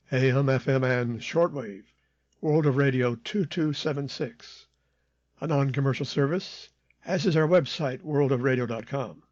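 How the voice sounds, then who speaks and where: A man's voice: mid-range voice, a little mellow, no room sound, lo-fi sound. A man hosting a radio program, reading news and frequency schedules in a dry, matter-of-fact way. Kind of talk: scripted shortwave news reading.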